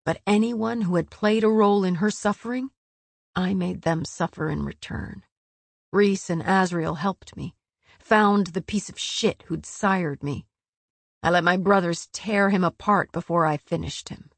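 Fierce winged warrior man read by a woman, icy fury, low clipped delivery, slow, dry sound. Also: creaky, no echo.

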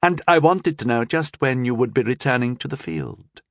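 A man lightly acts the part of a cold, tipsy, scheming sixteen-year-old princess for an audiobook, speaking in a sly, condescending drawl. His voice is medium-pitched and moderately paced, recorded in clean studio sound with no echo.

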